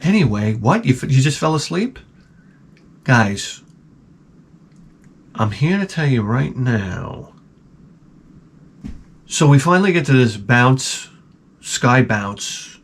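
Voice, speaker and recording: A man hosting his own channel, telling a rambling comic story with lots of swearing and loud mouth sound effects. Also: medium pitch, slow, long pauses, slight background noise. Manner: animated, profane, with loud sound-effect imitations. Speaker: channel host. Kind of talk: rambling comedic monologue.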